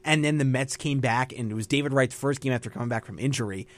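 A man's voice: mid-range voice, quick pace. A young man co-hosting a college radio sports show, casually reading out game scores and stats. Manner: reads out stats, casual and amused. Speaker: co-host.

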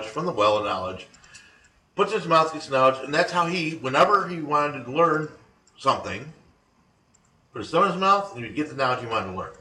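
A man's voice: a little high, bright, forceful tone. Joking man retelling folklore, roomy sound. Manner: joking, rambling with fillers. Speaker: podcast co-host. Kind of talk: casual chat retelling folklore. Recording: roomy, distant mic, faint ambience.

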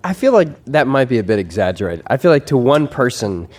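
A man's voice: medium pitch, sing-song, a little fast, darkish tone. A man co-hosting a podcast in casual banter, teasing and playfully defensive. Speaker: podcast co-host.

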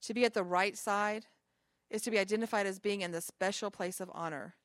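A woman's voice: mid-range voice, fairly even intonation, fairly quick, no echo, clean studio sound. A woman pastor giving an informal sermon to a small group, talking conversationally with chatty asides between scripture readings.

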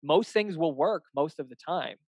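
A young man talks shop as a fitness coach, animated and loose, slipping into quick acted-out exchanges with clients. His voice sits a touch high for a man. The sound is dry and close with no room around it. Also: dry recording, rough recording. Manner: animated, acts out client dialogues, swears casually. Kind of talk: casual podcast chat.

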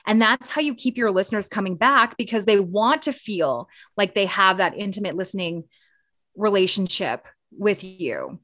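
A woman's voice: mid-range voice, animated, normal speed, a bit bright, dry recording, studio quality. A Canadian woman co-hosting a podcast, sharing speaking tips in a casual, conversational way with fillers and restarts. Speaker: podcast co-host and radio broadcaster.

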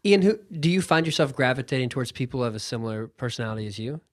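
A man guesting on a podcast who steers the talk with curious, probing questions. His voice sits at an ordinary mid pitch. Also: animated, very fast, no room sound, clean studio sound. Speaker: guest interviewer. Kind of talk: podcast interview.

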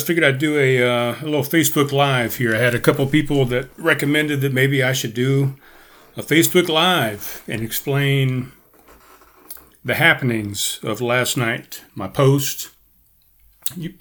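A man with a medium-pitched, slightly bright voice hosts a podcast as a casual livestream from home, using headphones and a camera. He rambles, corrects himself, and laughs at his own slips.

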